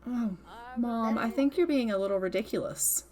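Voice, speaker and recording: This gaming channel host, speaking a little high with a darkish tone at a moderate pace, grows exasperated at the characters in her let's-play. She scolds them and speaks their thoughts for them in quoted voices.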